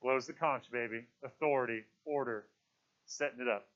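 A man's voice: medium pitch, brisk. A man reading a novel aloud, lo-fi. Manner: casual asides, lively read-aloud. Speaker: teacher. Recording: dull lo-fi recording.

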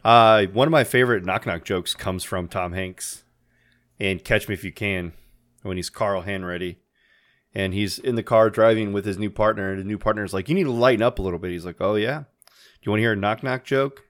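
A man's voice: fairly low pitch, normal speed, fairly bright tone. A man co-hosting a podcast, chatting casually and rambling through movie scenes, often laughing as he retells them. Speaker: podcast co-host. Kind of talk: casual chat.

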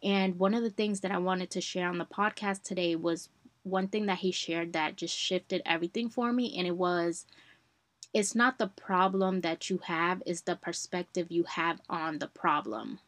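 A woman's voice: lowish voice, normal speed, no room sound. Chatty young woman, dry close sound. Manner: chatty, addresses listeners as y'all, animated retellings. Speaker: podcast host. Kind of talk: casual personal storytelling podcast.

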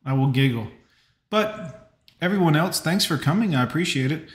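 A man's voice: a little high, expressive, moderate pace. A man hosting a casual live reaction stream, chatting with viewers and giving blunt advice. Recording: roomy echo.

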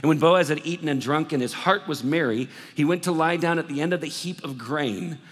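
A man preaching a sermon, telling a story with lively acted-out dialogue before moving into scripture. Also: fairly high pitch, brisk, breathy edge. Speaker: pastor. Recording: reverberant hall sound.

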